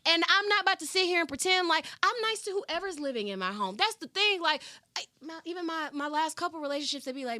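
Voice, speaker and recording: A woman's voice: high voice, animated, fairly quick, pushed and bright, no echo, studio quality. A woman co-hosting a podcast in casual chat, blunt and profane, often heated. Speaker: podcast co-host.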